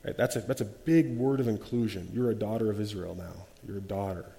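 Animated man leading a Bible study. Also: on the low side, brisk, creaky, long reverb tail. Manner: animated, acts out quotes, frequent restarts.

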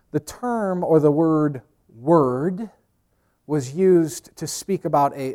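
A man preaching from the pulpit in a conversational way. He drops to near-hush and rises to emphatic lines, and he mixes in wry, self-mocking asides. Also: on the high side. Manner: conversational preaching, swinging between hushed and emphatic; uses pop-culture asides and self-deprecating humor. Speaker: pastor. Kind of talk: sermon.

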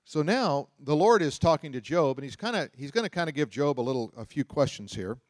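A man's voice: on the high side, lively intonation, a little fast, dry recording, studio quality. A man preaching a sermon, reading scripture aloud and explaining it in a conversational way, often asking his listeners questions. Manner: conversational, asks the audience questions. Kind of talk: sermon, Bible teaching.

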